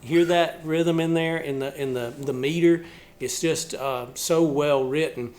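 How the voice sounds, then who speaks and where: A man's voice: fairly high pitch, fairly even intonation, measured pace, over music. A male musician and channel host talking casually about a song, thoughtful and explaining step by step with small restarts.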